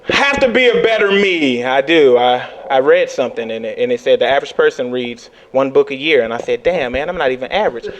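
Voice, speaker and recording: A young adult man performing a stand-up comedy set, telling animated stories and jumping into high squeals when he acts out panic. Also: fairly quick, few pauses, a little hiss or hum.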